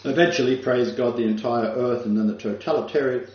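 A man giving a spiritual lecture as a rabbi to a small live group, halting, with frequent fillers and restarts. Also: mid-range voice, darkish tone. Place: room with a small audience. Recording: distant, roomy, dull room recording.

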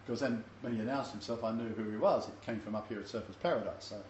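Leading a Messianic Bible study, an older man wanders through his lesson in a conversational, anecdotal style heavy on fillers. He talks fast in a lowish voice. The echoey, somewhat muffled room recording carries faint ambience plus a bit of hiss or hum.

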